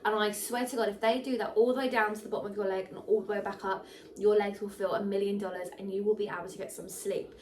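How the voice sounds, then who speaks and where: A young pregnant woman, chatting casually to camera, animated and full of fillers, a little short of breath. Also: mid-range voice, fast, distant mic, a little hiss or hum. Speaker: vlogger.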